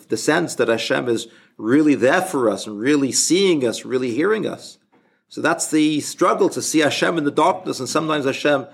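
A man giving an informal spoken religious lesson as a rabbi, halting and often restarting his sentences. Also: medium pitch, gravelly, breathy edge. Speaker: rabbi teaching a class.

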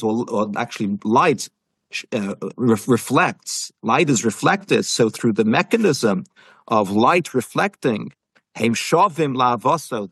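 Man with explaining torah, earnest, keeps rephrasing, husky, dry close sound. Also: medium pitch, fairly bright tone, dry recording. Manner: earnest, repeats and rephrases, mixes Hebrew terms. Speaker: Torah teacher. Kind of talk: explaining a Jewish text to a listener.

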